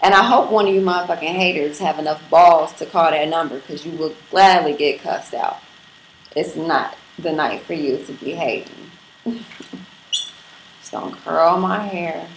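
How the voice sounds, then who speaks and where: A lower-pitched woman chats casually to her livestream viewers, brash, playful and profane. Her voice carries in an echoey room with faint background noise. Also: measured pace, pauses often. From Brooklyn. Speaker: livestream host. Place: apartment room in Brooklyn.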